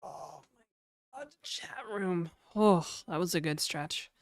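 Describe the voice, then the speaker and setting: Rambling casually on a livestream, this woman from New Brunswick, Canada, jokes and laughs a lot. She speaks slowly in a fairly low, gravelly voice.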